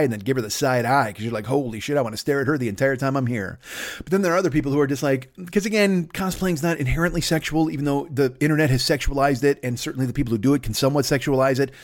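A man's voice: mid-range voice, fast talker, few pauses. A man riffing crudely and rambling on a comedy podcast, going into silly voices now and then.

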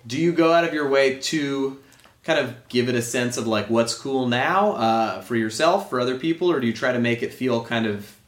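A man's voice: medium pitch, normal speed. A man hosting a podcast, joking around and asking long, rambling questions in casual talk. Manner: jokey, chatty, asks long rambling questions. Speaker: podcast host. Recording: roomy with faint noise.

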